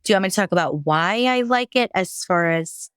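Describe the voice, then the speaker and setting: A woman's voice: fairly low pitch, expressive, a little fast, a bit bright, clear, resonant tone, no echo, studio quality. A woman guest sharing a personal story in a candid, rambling way, with frequent restarts. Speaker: podcast guest.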